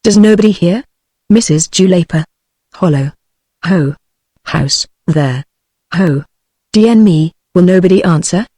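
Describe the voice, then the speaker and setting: A British woman text-to-speech voice reading the part of a fierce, hot-tempered baronet in a flat, unchanged delivery. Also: fairly low pitch, unhurried, pauses often, breathy edge, dry recording, clean studio sound. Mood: shouting. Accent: British English. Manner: plain synthetic reading, no change of voice.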